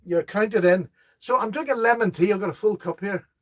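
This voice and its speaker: Chatty high-voiced man. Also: fairly quick. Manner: chatty, laughs at jokes, reads viewer comments aloud. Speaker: host of a live knife chat. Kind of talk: casual live-stream chat.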